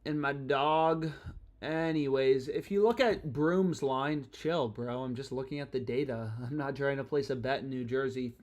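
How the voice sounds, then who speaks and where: A man's voice: medium pitch, measured pace. A young man chatting casually on a live stream about sports bets, slangy and profane, rambling from thought to thought. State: annoyed.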